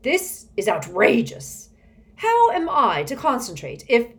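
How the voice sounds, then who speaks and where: A woman voicing an irritable, blustering old villain man who talks loudly and huffily. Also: animated, unhurried. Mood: irate. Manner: loud, shrill and huffy.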